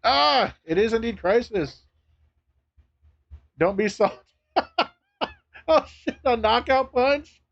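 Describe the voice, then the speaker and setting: A man streaming live, chatting casually to viewers, laughing often, swearing and getting excitable. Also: very high-pitched, slow pace, gravelly, pauses often, muffled recording.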